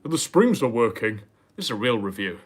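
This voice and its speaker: Brief: breathless male streamer, crude mocking commentary, animated voice. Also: medium pitch, brisk. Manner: loud, crude, mocking, swears often. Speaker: streamer watching and mocking a video. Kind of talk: casual profane commentary.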